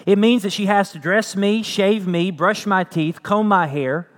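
A man's voice: sits high, a little slow. A man preaching a sermon as pastor, earnest, repeating phrases and building to emphatic peaks.

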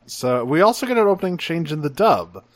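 A man's voice: fairly high pitch, very animated, brisk, no echo. A man co-hosting a podcast, talking casually and enthusiastically, rambling a bit and swearing now and then. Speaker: podcast co-host. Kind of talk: casual chat.

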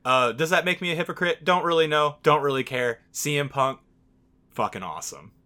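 A man's voice: a little high, fairly quick, bright, forceful tone. A man co-hosting a casual podcast, talking candidly, swearing freely, with lots of fillers. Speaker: podcast co-host.

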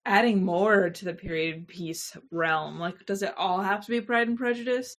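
A woman's voice: mid-range voice, normal speed, a bit bright. A woman co-hosting a podcast, chatting casually and frankly about a film, swearing freely and saying "like" a lot. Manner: frank and profane, heavy use of "like". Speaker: podcast co-host. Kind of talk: casual film review chat.

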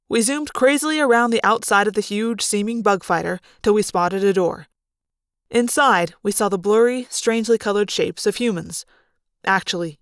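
A woman reading a novel aloud in an expressive first-person narration. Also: mid-range voice, no echo, clean studio sound. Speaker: audiobook reader. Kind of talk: fan read-aloud narration.

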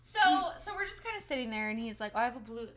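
A woman's voice: fairly high pitch, sing-song, fast, fairly bright tone. A young woman co-hosting a chat show, telling stories in a giggly, swearing, casual way. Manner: giggly, profane storytelling.

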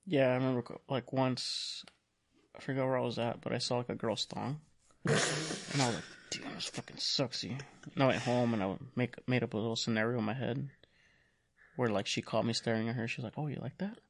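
A young man with a husky voice, giving short, laid-back replies in casual chat. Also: medium pitch, steady tone, brisk, slight background noise.

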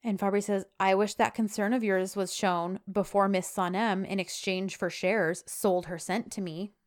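A woman's voice: mid-range voice, normal speed. A woman casually recapping a TV episode, animatedly acting out the characters' lines as she tells the story. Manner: animated storyteller, switches into quoted dialogue. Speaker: podcast co-host recapping a TV episode. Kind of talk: casual chat, retelling scenes with quoted lines.

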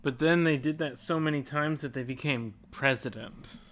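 A podcast co-host who drops deadpan jokes in casual chat. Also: mid-range voice, moderate pace.

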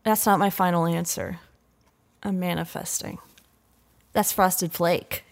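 A woman's voice: on the low side, fairly even intonation, slow pace, gravelly. A young woman co-hosting a casual podcast, laid-back and giggly, laughing often. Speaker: podcast co-host.

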